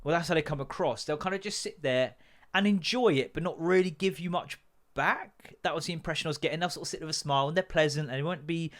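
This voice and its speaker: A man's voice: a little high, fast. A man hosting a podcast, a stand-up comedian talking in a sweary, rambling comic rant.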